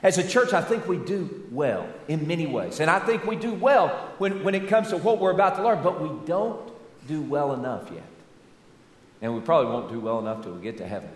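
A Southern American pastor preaching a folksy, animated sermon full of rhetorical questions. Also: male voice, on the high side, a little fast. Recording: echoey church hall.

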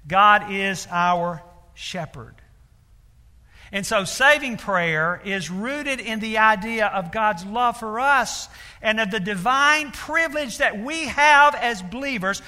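A man's voice: high-pitched, animated, slow, bright, forceful tone. A man preaching a sermon, telling a story earnestly with many fillers and building to emphatic appeals. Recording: long reverb of a large hall.

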